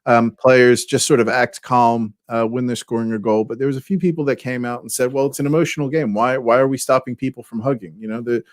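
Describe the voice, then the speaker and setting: A man co-hosts a casual podcast over a remote call. His voice is mid-pitched and unhurried, broken up by fillers and restarts, and the sound is dry and close to the mic. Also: fairly even intonation, no room sound. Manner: hesitant, many fillers. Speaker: podcast co-host. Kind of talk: casual chat.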